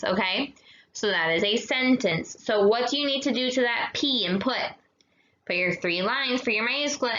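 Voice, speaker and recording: A young woman teaching a grammar lesson to kids, talking slowly and patiently, checking in with "okay?" and mixing in Spanish words. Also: mid-range voice, bright, forceful tone. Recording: echoey dull room sound.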